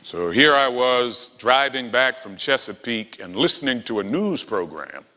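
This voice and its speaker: Male preacher, animated storyteller who acts out dialogue, bright voice, long hall reverb. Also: medium pitch, unhurried. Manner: dramatic storytelling, acting out dialogue. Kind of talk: sermon.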